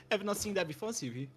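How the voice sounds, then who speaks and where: Young male speedrun commentator, higher pitch, excitable, frequent restarts, light background hiss. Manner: eager, stumbling restarts, chuckles. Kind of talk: live game commentary.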